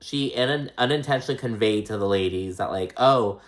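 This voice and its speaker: A man with a lowish voice talks a little fast as he gives an offhand recap of a reality show. He swears, leans on fillers such as "like" and "um," and now and then does voices for the people he's quoting.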